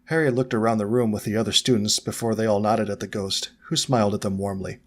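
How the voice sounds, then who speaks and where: A man narrating a fan fiction audiobook in a steady, even storytelling manner. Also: lowish voice, fast, few pauses.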